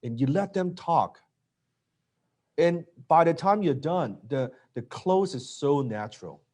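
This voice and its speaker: Male sales coach, animated delivery, acts out dialogue. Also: fairly high pitch, a little slow. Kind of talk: coaching talk on closing sales.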